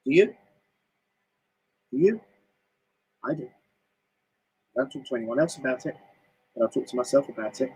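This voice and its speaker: A man with a British accent giving a chatty, animated motivational talk on a home live stream, often jumping up high in pitch. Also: moderate pace, long pauses, slightly rough, low-quality recording. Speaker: motivational speaker. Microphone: home live stream mic.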